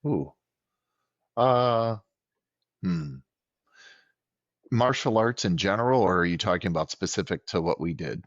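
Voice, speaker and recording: Slow, low-voiced man in podcast chat. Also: expressive, no room sound, highs cut off. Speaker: podcast co-host.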